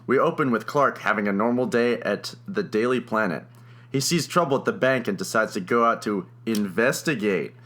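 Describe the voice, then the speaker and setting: A young man co-hosts a casual comedy podcast, walking through a movie plot in his own rewrite. His voice is bright and pushed forward, and he laughs easily while he talks. He fills gaps with ums and uhs as he goes. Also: lowish voice, normal speed. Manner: chatty, laughs often, many fillers. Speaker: podcast co-host.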